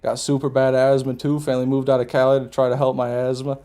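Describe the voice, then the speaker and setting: Fast and completely flat in delivery, his mellow voice sits in the mid range. During a live video game stream he talks with viewers while playing, cracking casual, profane jokes and laughing at them himself.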